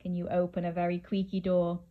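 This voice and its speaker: A woman reading a children's picture book aloud, playful and animated, inviting the listener to join in, with drawn-out dramatic pauses. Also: fairly low pitch, narrow, tinny audio. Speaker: children's story reader.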